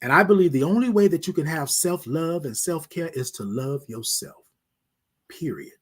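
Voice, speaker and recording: A husky man leans into a preacherly morning pep talk, his voice lifting high and sweeping wide before sinking to hushed refrains. He keeps calling his listeners "y'all" and circling back on the same phrases. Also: lively intonation, moderate pace. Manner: preacherly, repeats phrases, drops to near whisper on refrains. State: emotional. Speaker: host.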